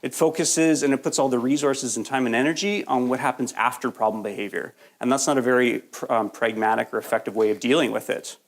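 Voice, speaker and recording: A man's voice: mid-range voice, steady tone, quick pace, hardly any pauses. A man giving a live training lecture to a workshop audience, getting over a cold, talking in a conversational, jokey way and often checking in with "right?". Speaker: workshop presenter.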